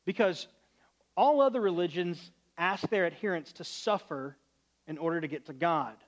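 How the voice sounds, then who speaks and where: A man with a high, light voice preaches a sermon in an earnest, conversational way. He often softens to a hushed, gentle tone, and he talks plainly, as if chatting with his congregation. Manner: earnest, conversational, drops to quiet on sad moments. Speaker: pastor.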